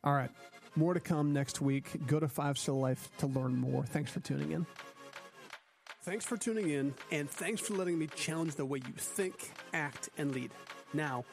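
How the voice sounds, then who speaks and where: A man hosting a podcast, giving earnest parenting advice and acting out calm lines a parent might say. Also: a little high, normal speed, gravelly, music in the background. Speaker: podcast host.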